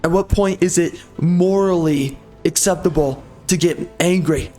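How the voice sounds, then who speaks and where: A man's voice: a little high, unhurried, warm tone, soft background music. A man hosting a gameplay video, ranting in an angry, sarcastic and mocking way. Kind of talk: ranting commentary over gameplay.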